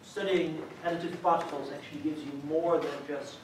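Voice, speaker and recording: A man's voice: on the high side, steady tone. A man giving an academic colloquium talk, explaining step by step and checking in with "right?". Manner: measured, explanatory, frequent "right?" check-ins. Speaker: lecturer. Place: lecture room. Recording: echoey hall, mic far off, faint hiss.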